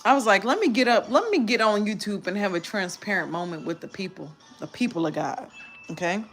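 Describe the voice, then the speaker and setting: A woman's voice: medium pitch, expressive, a little fast, a bit bright, soft background music. A tired woman giving a candid live-stream testimony, telling her story animatedly and using church slang. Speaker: vlogger.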